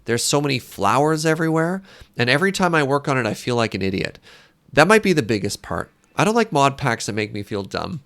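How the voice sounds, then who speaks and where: Gravelly-voiced man streaming with chat. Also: medium pitch, very animated, fairly quick, a bit bright. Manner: joking, self-deprecating, chats with viewers. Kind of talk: casual live-stream chat while gaming.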